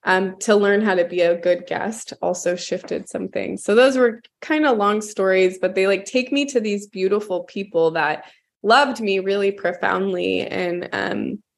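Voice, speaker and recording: A woman guest recounting personal stories in an earnest, halting way, with many ums and restarts. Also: medium pitch, creaky. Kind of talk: reflective storytelling.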